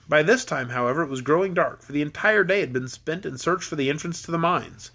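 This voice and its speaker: A man's voice: on the high side, gravelly, fairly bright tone. A man reading a children's book aloud to his kids, easygoing, sometimes stumbling and rereading.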